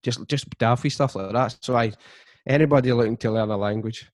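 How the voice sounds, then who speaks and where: A man's voice: medium pitch, brisk, dry recording, studio quality. Man telling stories steadily. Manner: steady storytelling, frequent restarts. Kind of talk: casual chat.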